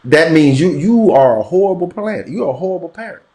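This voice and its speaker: Animated Florida-accented man, echoey room. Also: on the high side, quick pace. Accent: Florida Southern. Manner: animated, emphatic, repetitive. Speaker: podcast guest. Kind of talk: casual conversation.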